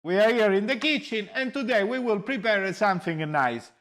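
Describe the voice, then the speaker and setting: Middle-aged Italian man, host of a home cooking show; high-pitched, animated, speaks English with a strong accent. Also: moderate pace. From Italy. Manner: animated, laughing, mixes Italian words into broken English. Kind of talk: casual cooking chat. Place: home kitchen.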